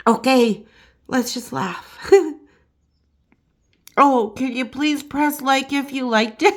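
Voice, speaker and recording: Female vlog host, unhurried, slightly high voice, chatty and emotional with frequent laughs. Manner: emotional, laughs often, many fillers. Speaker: YouTube gossip host. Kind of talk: casual chat and rhyming poem reading.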